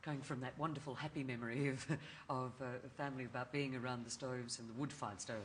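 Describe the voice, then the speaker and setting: A woman interviewing two guests, asking gentle questions and affirming their stories. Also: rumbling low, fairly even intonation, fast, slight background noise.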